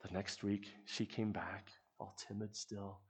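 A middle-aged man preaching a sermon, telling stories in an earnest way that often trails off softly. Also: on the low side, little pitch movement, measured pace, hardly any pauses, breathy edge. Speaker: pastor.

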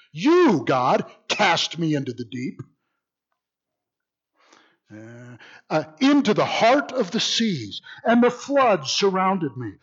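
Guy teaching bible study, husky voice, bouncy pitch, kinda sarcastic. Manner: lively, sardonic, animated. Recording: dull lo-fi recording.

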